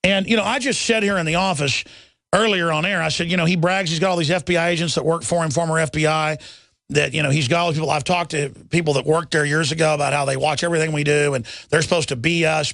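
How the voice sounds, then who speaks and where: A man's voice: a little high, gravelly, fairly bright tone, dry recording. A middle-aged man hosting a talk radio show, reading headlines and ranting in a heated, rambling way, often repeating himself. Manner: heated, rambling, repeats words when agitated.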